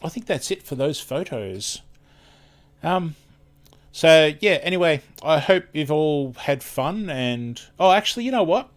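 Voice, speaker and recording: A man's voice: on the high side, expressive, a little slow. Rambling Australian man chatting on a live stream. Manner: rambling, chatty, loses his words and restarts. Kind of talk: casual live-stream chat.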